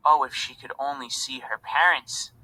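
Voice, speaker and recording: A man reading a children's storybook aloud in an expressive narrating voice. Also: medium pitch, normal speed, low-quality recording. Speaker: reader.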